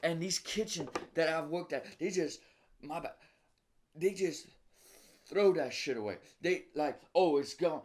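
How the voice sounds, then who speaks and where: A man who cooks for a living talks as a podcast guest and vents his anger, swearing through his rant. His voice sits a bit higher than most men's. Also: a little slow, darkish tone. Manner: indignant, profane ranting. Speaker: guest, cook. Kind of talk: casual conversation.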